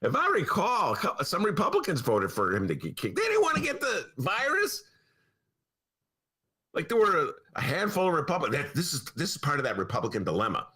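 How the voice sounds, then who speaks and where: Podcast co-host, male, political banter, very lively pitch, bright edge. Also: a little fast, husky. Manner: animated, joking, swings his pitch a lot. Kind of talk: casual political chat.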